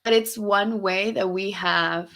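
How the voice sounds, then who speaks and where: A woman's voice: mid-range voice, fairly even intonation, takes it slowly, a bit bright. A young adult woman co-hosting a podcast, telling stories candidly in casual chat, dropping Spanish phrases and swearing freely. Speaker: podcast co-host.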